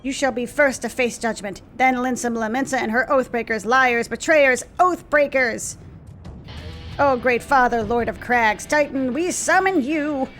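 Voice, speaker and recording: Small, fervent beastman worshippers of a video game, as a woman reads them aloud, chanting their god's praises with zeal. The voice is a little high, with faint music behind it. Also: unhurried, a bit bright. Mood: zealous. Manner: zealous, chanting.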